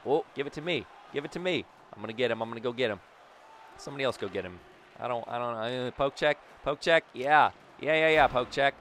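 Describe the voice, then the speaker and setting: A young man giving excited, goofy commentary as he plays a hockey video game, yelling at big plays and muttering when things get tense. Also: a little high. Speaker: gaming YouTuber.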